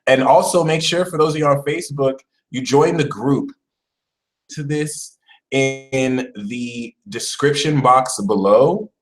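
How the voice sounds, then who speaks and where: A man hosting a casual astrology live stream, talking in a chatty, animated way and putting on mock voices. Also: mid-range voice, slow, rough recording. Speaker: astrology channel host.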